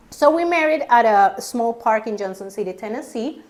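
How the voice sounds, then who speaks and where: A woman storyteller performing live, self-mocking and animated, acting out her own panic with laughter. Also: on the high side, moderate pace, hardly any pauses. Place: storytelling venue stage.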